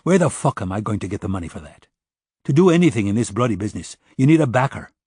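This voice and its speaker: A man reading an audiobook voices an agitated, broke Irish ex-rocker who shouts and swears, with an Irish accent. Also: fairly low pitch, big pitch swings, fast talker, husky, no room sound, studio quality. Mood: bitter.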